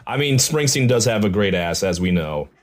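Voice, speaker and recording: Low-voiced man, sick, on a podcast. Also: very animated, normal speed. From New York suburbs. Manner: laid-back, with fillers. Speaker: podcast co-host. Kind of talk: casual chat.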